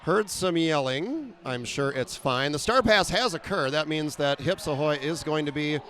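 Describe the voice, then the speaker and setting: A man's voice: on the high side, animated, fairly bright tone. Wry roller derby announcer, man. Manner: quick, wry, self-deprecating play-by-play with frequent "uh" fillers. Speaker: play-by-play announcer. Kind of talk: live sports commentary.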